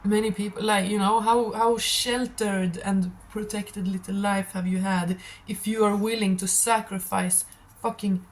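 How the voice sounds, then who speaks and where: A woman's voice: mid-range voice, fairly even intonation, unhurried, rough recording. Shaky, impassioned woman tarot reader. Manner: emotional, blunt and impassioned, calls listeners darling. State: shaky and nervous. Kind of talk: channeled tarot reading to viewers.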